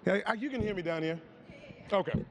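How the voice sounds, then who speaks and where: A hoarse actor answering reporters candidly in an awards press room. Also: male voice, sits high, fairly quick, big-room sound, slight background noise. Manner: candid, reflective, loosens up when excited.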